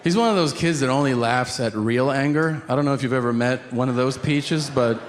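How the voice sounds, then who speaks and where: A middle-aged man doing stand-up comedy, telling a story in an animated, profane way and acting out his own shouts, on a club stage mic. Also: medium pitch, fairly quick. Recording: live club recording with audience noise.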